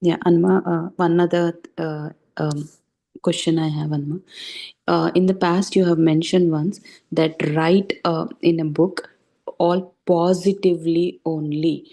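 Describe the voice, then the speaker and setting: Quiet, low-voiced woman asking politely. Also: level tone, measured pace. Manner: quiet, polite, hesitant with many fillers. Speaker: devotee asking questions. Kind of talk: question and answer session.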